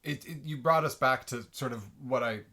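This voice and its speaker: Relaxed man podcast co-host. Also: medium pitch, moderate pace. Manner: relaxed, frequent agreeing fillers. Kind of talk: casual recap chat.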